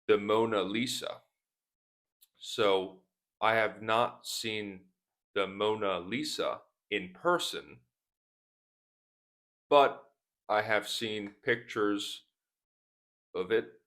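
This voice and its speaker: Very slow, low-voiced male English teacher. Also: fairly bright tone. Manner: repeats words for pronunciation practice. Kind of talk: slow, deliberate teaching talk. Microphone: speaking to camera at a desk.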